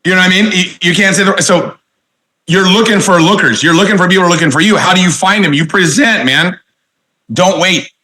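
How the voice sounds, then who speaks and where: Fired-up man giving a bright motivational talk. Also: sits high, brisk. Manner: energetic, emphatic, repeats phrases and asks the audience questions. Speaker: motivational sales trainer.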